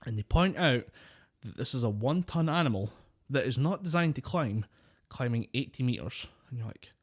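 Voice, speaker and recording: A man's voice: mid-range voice, expressive, moderate pace, breathy edge. A man co-hosting a podcast, telling long rambling stories in casual chat, swearing freely and laughing often. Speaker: podcast co-host.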